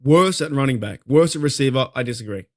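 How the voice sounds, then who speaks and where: A man's voice: medium pitch, animated, quick pace, a little mellow. A man with an Australian accent hosting a casual fan talk show, fired up and rambling, swearing freely as he vents. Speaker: podcast host.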